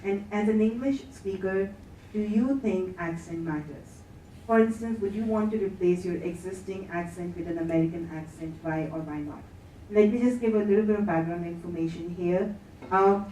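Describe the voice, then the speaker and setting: A woman's voice: fairly low pitch, mellow, distant mic, a little hiss or hum. Woman lecturing in an echoey hall. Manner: measured, reads quotes aloud. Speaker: conference plenary speaker. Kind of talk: academic lecture. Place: conference hall. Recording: echoey hall, speaker heard from afar.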